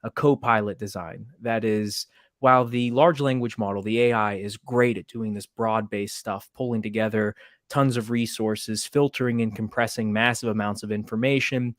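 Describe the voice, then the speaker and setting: Man demoing software in a dry, close recording. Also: fairly low pitch, dry recording. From Maryland, USA. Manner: explanatory, steady, occasional fillers. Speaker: middle school teacher and presenter. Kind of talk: webinar product demo.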